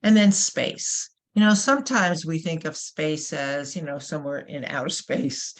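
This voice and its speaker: Low-voiced woman with a New York accent. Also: a little slow. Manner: animated, emphatic with rhetorical questions. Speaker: workshop presenter. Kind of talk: webinar presentation. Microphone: webinar microphone.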